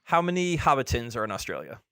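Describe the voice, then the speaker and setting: A man's voice: medium pitch, very animated, fast, fairly bright tone, clear, resonant tone, dry recording, studio quality. A man co-hosting a movie podcast, chatting casually with wry jokes. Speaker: podcast co-host. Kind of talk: casual chat.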